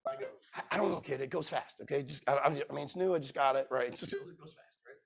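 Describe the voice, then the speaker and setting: A man's voice: medium pitch, fast talker, husky. A middle-aged man telling a sales story at a conference, acting out every line of dialogue. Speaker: keynote speaker. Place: conference room.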